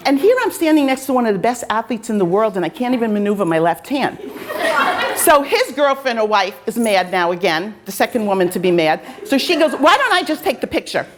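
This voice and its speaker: A woman's voice: medium pitch, expressive, brisk, noisy background. A woman host, a fencing coach, telling casual anecdotes in a chatty, self-deprecating way.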